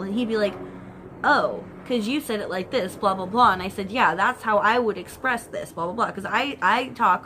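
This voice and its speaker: A woman chatting casually to camera with her partner, talking in a flowing, expressive way full of metaphors. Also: mid-range voice, background noise. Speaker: channel host. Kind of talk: casual couple chat to camera.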